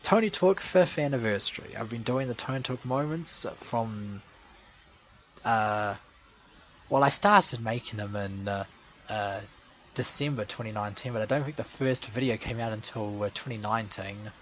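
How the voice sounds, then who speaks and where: A man's voice: lowish voice, moderate pace, fairly bright tone, a little hiss or hum, low-quality recording. A man giving a casual, rambling spoken retrospective, sarcastic and crude, full of fillers and self-corrections. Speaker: video maker recapping a call-in show.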